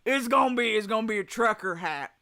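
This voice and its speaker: Bright, animated woman streamer. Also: on the high side, fast talker. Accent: Southern US. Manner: laughs often, animated, swears freely. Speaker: streamer chatting with her chat. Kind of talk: casual live-stream chat.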